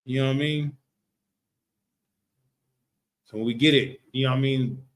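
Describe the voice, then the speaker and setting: A man's voice: mid-range voice, fairly even intonation, fast. A man leading a casual religious class discussion, talking loosely and often checking in with his listeners. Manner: loose, repetitive, keeps asking "you know what I'm talking about".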